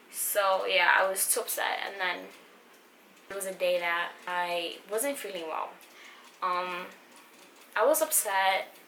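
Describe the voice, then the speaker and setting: Young woman vlogger, rambling and emotional, fillers and restarts, bright tone, roomy echo. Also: mid-range voice, gravelly. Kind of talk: personal story vlog. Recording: echoey room with faint background noise.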